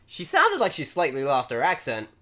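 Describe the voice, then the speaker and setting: A man's voice: on the high side, moderate pace. A man co-hosting a podcast, casually retelling events and acting out quotes as he goes. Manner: animated storytelling, acting out quotes. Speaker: podcast co-host. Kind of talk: casual recap chat.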